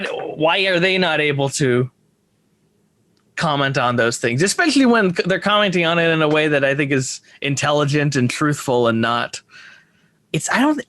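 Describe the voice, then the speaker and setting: A man's voice: on the high side, fairly bright tone, dry recording. Man musing in a dry podcast recording. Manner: rambling, full of restarts and hesitations. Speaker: podcast co-host. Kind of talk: casual film discussion.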